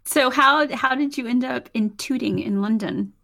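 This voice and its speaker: A woman's voice: fairly high pitch, normal speed, vocal fry, bright, forceful tone. A woman podcast host asking the guest conversational follow-up questions. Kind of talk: interview questions.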